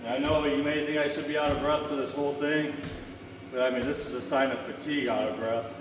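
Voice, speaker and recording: A winded man talks himself through a workout, blunt and worn out. His voice sits back from the mic in a very echoey room with long reverb. A steady hum of noise fills the background. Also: mid-range voice, quick pace, distant mic. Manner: tired, blunt and self-motivating. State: out of breath. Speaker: fitness vlogger. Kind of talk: self-talk while exercising. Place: gym on a stair machine.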